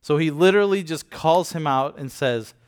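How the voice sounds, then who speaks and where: A man's voice: a little high, moderate pace, clean tone. A man giving a casual Bible teaching, retelling scripture in everyday words and checking in with listeners. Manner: addresses listeners with frequent "okay?" and "right?". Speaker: preacher.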